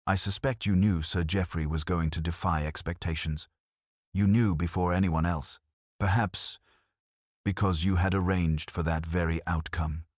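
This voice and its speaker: A man's voice: low voice, fairly even intonation, normal speed, no echo, clean studio sound. A man voicing an elderly woman sleuth who speaks in a light, pleasant, conversational way. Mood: pleasant, probing. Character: elderly woman sleuth, gentle, shrewd, unruffled.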